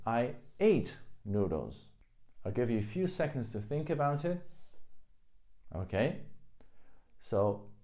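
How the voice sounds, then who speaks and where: A young man teaches at an unhurried pace, patiently walking through each example and repeating words slowly. His voice is low and mellow, with a relaxed, easygoing tone. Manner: slow, patient explaining, repeats words with careful tones. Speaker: Chinese language teacher. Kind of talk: casual spoken lesson.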